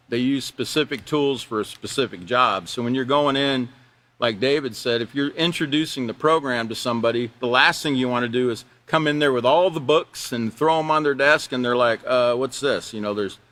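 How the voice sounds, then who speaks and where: A man's voice: mid-range voice, moderate pace, fairly bright tone. A man leading an online teacher training class, talking loosely with restarts and laughing at his own examples.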